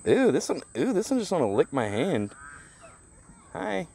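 A man's voice: on the high side, sing-song, normal speed, darkish tone. A man live-streaming from an outdoor petting zoo, talking nonstop with crude, joking banter into a handheld mic. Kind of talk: casual live-stream commentary.

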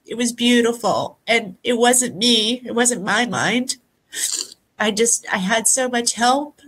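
A woman speaks slowly and softly over a video call, her voice high and bright. She is emotional and near tears, stopping and restarting as she tells her story. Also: low-quality recording. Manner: soft, halting, pausing often. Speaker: guest. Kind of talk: emotional personal account.

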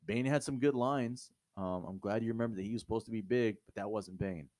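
A man's voice: fairly low pitch, fairly quick, no room sound. A man co-hosting a movie review show, talking bluntly and profanely in casual, opinionated chat. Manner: blunt, profane, animated ranting.

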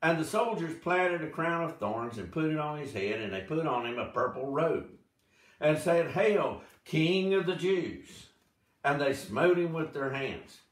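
A man teaching a Bible study, reading scripture aloud slowly and dramatically, with short explanatory asides. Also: fairly high pitch, animated. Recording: echoey room, mic at a distance.

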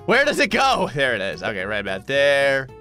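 Young male gaming host, animated, joking, quick to laugh, swooping delivery. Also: mid-range voice, music in the background. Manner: excitable, laughs often, jokes at the game. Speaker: gaming YouTuber. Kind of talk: let's-play commentary.

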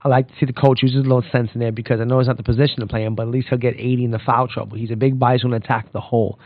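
A man's voice: medium pitch, rapid-fire, no room sound, highs cut off. A man hosting a casual sports podcast, ranting animatedly and calling out players by name. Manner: animated, rants and calls out players directly. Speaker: podcast host. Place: Florida.

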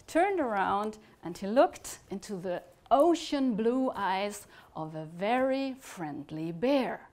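A woman telling a fairytale to a conference audience at an unhurried pace. Her voice sits on the high side and swings from lively to a near-whisper for effect. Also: slight background noise. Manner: expressive, dropping to a whisper for effect. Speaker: lecturer telling a story. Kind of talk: storytelling to an audience. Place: conference talk.

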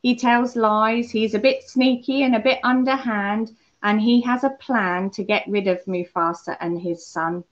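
A woman leading a children's holiday club, telling a story and talking gently to the kids. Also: on the high side, fairly even intonation, unhurried, hardly any pauses. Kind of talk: children's talk on a Bible lesson. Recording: muffled lo-fi church recording.

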